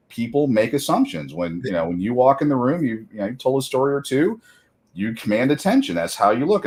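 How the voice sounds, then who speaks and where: A middle-aged man co-hosting a podcast, telling rambling, self-deprecating stories in casual chat. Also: mid-range voice. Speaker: podcast co-host.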